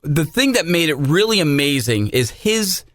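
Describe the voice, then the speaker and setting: A man co-hosting a podcast, chatting casually and telling stories in an excitable, animated way. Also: on the high side, normal speed, no echo, studio quality. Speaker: podcast co-host. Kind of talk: casual chat.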